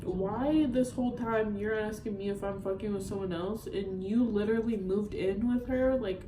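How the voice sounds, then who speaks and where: A woman's voice: medium pitch, fairly even intonation, moderate pace, few pauses, mellow, reverberant, a little hiss or hum, low-quality recording. A young woman vlogging a rambling, upset story about a breakup, full of fillers and swearing. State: upset, near tears. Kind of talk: ranting storytime vlog.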